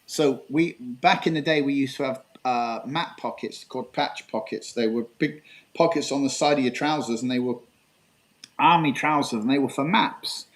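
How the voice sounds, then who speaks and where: A man in his sixties tells his stories in a casual, rambling way, full of restarts and little bits of quoted dialogue. His voice sits at an ordinary middle pitch, and the talk comes across as relaxed interview chat. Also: normal speed. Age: 60s. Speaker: guest street magician.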